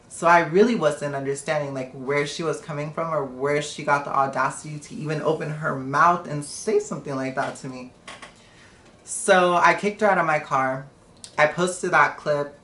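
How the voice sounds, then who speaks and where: Low voiced woman venting on a livestream, cusses a lot, echoey room. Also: moderate pace, a bit bright. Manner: blunt and profane, retelling a confrontation. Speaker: live streamer. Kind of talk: casual storytime on a live stream.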